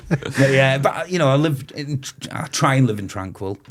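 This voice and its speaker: A man of about forty from Moray, in Scotland, guesting on a podcast as a festival owner. He tells long, rambling stories, swears freely and breaks into quick laughs. His voice sits at an ordinary middle pitch for a man. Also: lively intonation, a little hiss or hum. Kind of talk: casual podcast chat.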